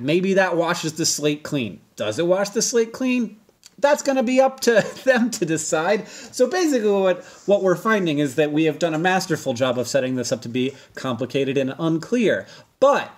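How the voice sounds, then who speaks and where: Man, 30s, video host, fairly high voice, very lively pitch, rambling and self-correcting, casual explainer. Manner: animated, rambling, self-correcting, pitch jumps up when emphatic.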